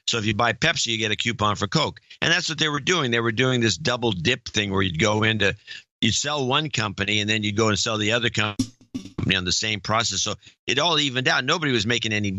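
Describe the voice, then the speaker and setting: Podcast co-host guy from california, super bright tone, dry close sound, rambles on. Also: lowish voice, no echo. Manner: rambling storyteller, wry. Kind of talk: casual chat.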